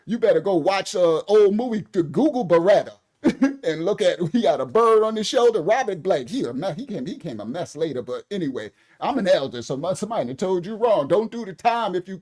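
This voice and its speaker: A middle-aged man, hosting casual news commentary, animated and preachy, talking straight to his viewers. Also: sits high, a little fast. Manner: animated, preachy, laughing, addresses chat directly. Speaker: commentary channel host.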